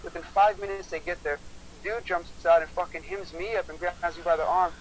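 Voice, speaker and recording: A man's voice: high-pitched, fairly even intonation, a little hiss or hum, low-quality recording. A man telling a heated story on a casual livestream chat, swearing often and repeating himself. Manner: profane, heated, fast-talking.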